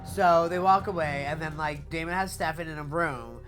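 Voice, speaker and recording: A young woman giving a casual TV episode recap, talking fast and slangy, swearing freely and saying "like" a lot. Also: low-pitched, over music. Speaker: TV recap vlogger.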